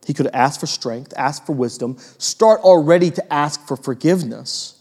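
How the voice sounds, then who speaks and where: A man preaching a sermon as pastor, animated, acting out quoted voices and putting questions to the congregation. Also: a little high, normal speed, husky. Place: church hall with long reverb. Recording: long hall reverb.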